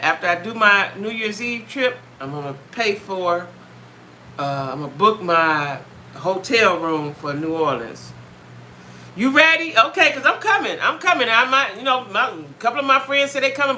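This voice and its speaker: A woman's voice: mid-range voice, pushed and bright, slight background noise. A woman hosting a casual live stream from home, chatting with viewers, greeting them by name and repeating herself a lot. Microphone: phone or webcam.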